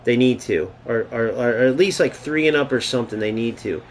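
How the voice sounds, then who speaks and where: A man's voice: medium pitch, lively intonation, fairly quick, a little hiss or hum. A young man giving casual, profane running commentary while playing a football video game, trash-talking his opponent. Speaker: gaming streamer. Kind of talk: live gameplay commentary.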